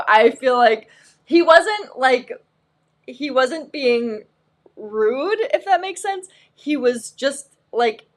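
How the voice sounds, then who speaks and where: A woman in her thirties hosting a live shopping stream, telling stories in a casual, animated way with lots of fillers. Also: on the high side. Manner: animated storyteller, acts out quotes, lots of "like" and "um". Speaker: host of a live shopping show.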